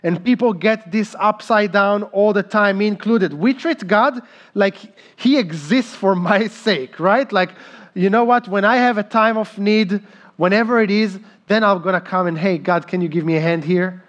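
A man in his thirties preaching a sermon as pastor, slow and emphatic in delivery. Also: high-pitched, fairly bright tone.

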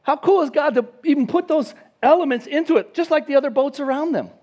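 A man preaching a sermon as pastor, lively, acting out quoted voices. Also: extremely high pitch, fast, dull audio. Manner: animated, acts out the disciples' voices.

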